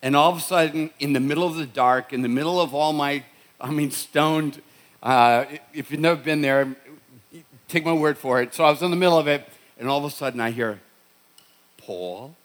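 A man's voice: fairly high pitch, fairly quick. A middle-aged man with a Boston accent, preaching a sermon in a conversational storytelling way, often restarting his sentences. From Boston, USA. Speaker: pastor.

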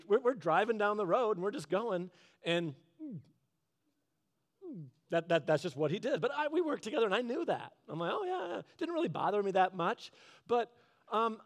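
Male preacher with a high voice and an earnest, chatty sermon delivery. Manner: earnest, chatty storytelling with laughs. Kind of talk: conversational sermon.

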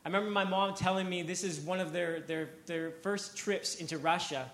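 Energetic male preacher in an echoey church. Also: high-pitched, brisk. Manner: energetic, repeats words, acts out quotes. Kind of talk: sermon storytelling.

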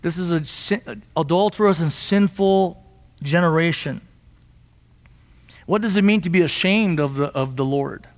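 A man preaching a sermon in a church, impassioned and at times rising to near shouts. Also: high-pitched, unhurried, pauses often, in a large hall. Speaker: pastor.

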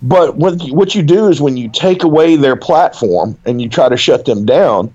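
Southern male writer, animated chat, restarts a lot, muffled audio. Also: fairly high pitch, moderate pace. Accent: Southern American. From American South. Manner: animated, rambling, frequent restarts. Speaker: writer, podcast co-host. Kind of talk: casual conversation.

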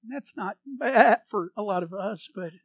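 A male pastor preaching an animated sermon, acting out voices from the story and leading the congregation in repeating phrases. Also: sits high, moderate pace, no room sound.

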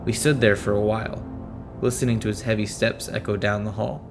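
A man narrating a first-person story in a steady, measured way. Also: lowish voice. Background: faint music.

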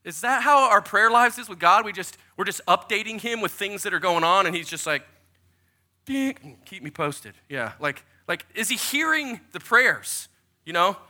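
A man in his forties, a pastor giving a sermon full of lively, joking personal stories. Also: sits high, moderate pace. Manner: animated, jokey storyteller who acts out quotes.

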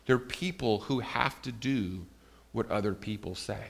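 Animated man teaching a children's Bible lesson. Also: on the low side, unhurried, creaky. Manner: animated, asks the kids questions, calls them by name.

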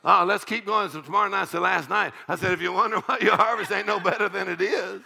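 A man's voice: high voice, quick pace, creaky, bright, forceful tone, breathy edge. An older man, a pastor preaching an evening sermon in a folksy, joking, call-and-response way.

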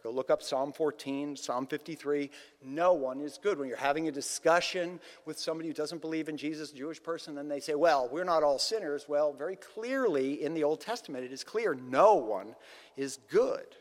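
A man preaching a sermon in a conversational, animated storytelling manner. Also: fairly high pitch, moderate pace, big-room sound. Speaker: pastor.

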